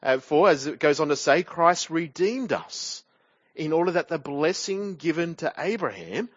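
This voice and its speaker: A man's voice: on the high side, lively intonation, moderate pace, dry recording, highs cut off. A man preaching a sermon from a church pulpit, walking through a passage and closing his points with rhetorical tag questions.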